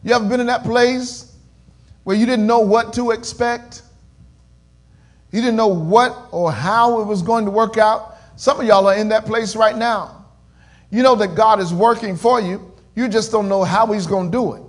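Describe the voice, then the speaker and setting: A man preaching a sermon in call-and-response style, swinging between loud swells and quiet murmurs. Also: high-pitched, steady tone, normal speed. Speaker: pastor.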